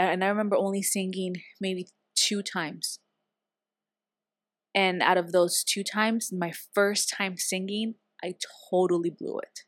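A woman guest in a casual conversation, telling stories and acting out the dialogue lively. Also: on the low side, dry recording, studio quality. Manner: lively, acts out quoted dialogue in her stories.

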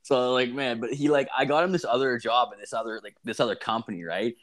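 A man's voice: mid-range voice, fast. A man co-hosting a podcast, telling a rambling story in casual chat, swearing constantly and laughing often. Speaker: podcast co-host.

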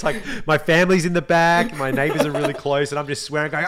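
Australian male co-host, animated storyteller, casual and profane. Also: on the high side, a little fast, few pauses, crowd noise. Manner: animated storyteller, swears freely. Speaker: podcast co-host. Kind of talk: casual chat.

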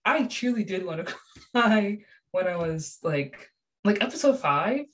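A young woman chatting casually about a TV show, animated and gushing, with many fillers. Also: medium pitch, a little slow. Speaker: show reviewer. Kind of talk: casual chat.

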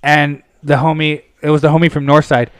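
A young man from Pasadena, California, spins profane, animated stories in a loose, conversational way. His voice sits a little high for a man. It is recorded dry and close. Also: brisk, clean tone, dry recording. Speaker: guest telling stories. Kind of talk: casual storytelling.

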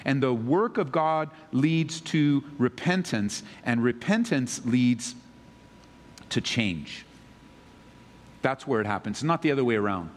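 A male pastor preaching an earnest sermon that swings between loud urgency and quiet emphasis. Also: medium pitch, expressive, slow, in a large hall.

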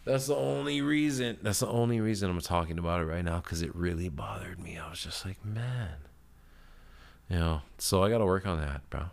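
A man with a fairly low voice hosts a casual podcast. He tells stories in a heated, rambling rant full of swearing, and his pitch and loudness jump around as he talks. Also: fairly quick, gravelly, a little hiss or hum. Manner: lively swings in pitch and loudness. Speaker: podcast host.

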